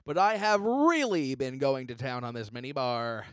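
A man co-hosting a comedy podcast, rambling through deadpan jokes with frequent restarts. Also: medium pitch, moderate pace, smooth, dry recording, studio quality. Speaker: podcast co-host.

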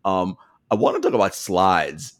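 Low-voiced man chatting sports. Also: moderate pace. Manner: animated, laughs often, storytelling. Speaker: podcast co-host. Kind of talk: casual sports chat.

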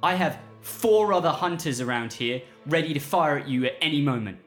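A man's voice: a little high, animated, fairly quick, faint music behind, lightly acted. A man playing a blunt, swearing human hunter who threatens strangers. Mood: hostile. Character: gruff hostile human hunter, father a shepherd.

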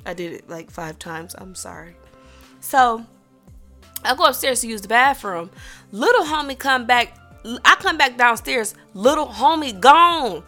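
A woman tells a story straight to her viewers, loose and heavily profane, with a way of talking. Her voice is bright and forceful, and it sits a little high. She jumps into the voices of the people in her story as she goes. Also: lively intonation, a little slow, faint music behind. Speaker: vlogger telling a personal story. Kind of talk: casual storytime monologue.

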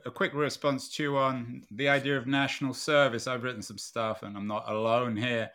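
A man's voice: medium pitch, sharp tone. A man hosting an interview, asking long, framing questions at a conversational pace. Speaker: interview host. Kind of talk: podcast interview.

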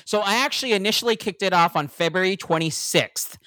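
A man's voice: high voice, fairly quick, bright, forceful tone, no room sound. A man appearing as a guest on a podcast, upbeat and eager in casual chat. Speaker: podcast guest, radio host.

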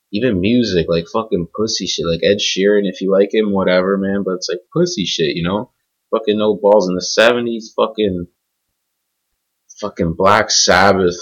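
A man's voice: low voice, breathy edge. A young man ranting casually, profane and rambling, full of "man" and "bro", on a dull lo-fi recording. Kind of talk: casual rant.

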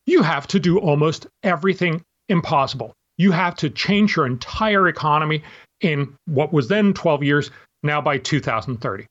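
Man, fairly high voice, patient explainer, muffled lo-fi audio. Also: sing-song, brisk, fairly bright tone. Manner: explains with examples and quoted hypotheticals. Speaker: author and guest. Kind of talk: interview answer.

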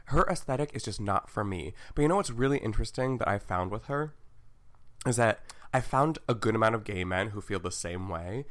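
A man's voice: on the low side, animated, fairly bright tone. A man co-hosting a podcast in casual chat, rambling and restarting his sentences often. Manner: rambling, halting with many restarts. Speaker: podcast co-host.

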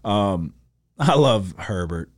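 Animated swearing man talking football. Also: slow. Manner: animated, swears often, acts out his own reactions in high yelps. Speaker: podcast co-host. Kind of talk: casual sports chat.

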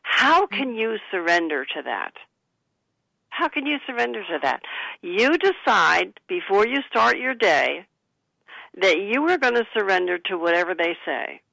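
An author talking about her book, coaching listeners gently and acting out soothing sample replies. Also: medium pitch, sing-song, a little slow, creaky, no room sound, poor audio. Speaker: author and guest. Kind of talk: conversational advice talk.

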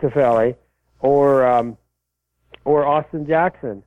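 A man casually answering listener questions about college football, rambling and halting with many fillers and restarts. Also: mid-range voice, no echo. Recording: tinny phone line, dry.

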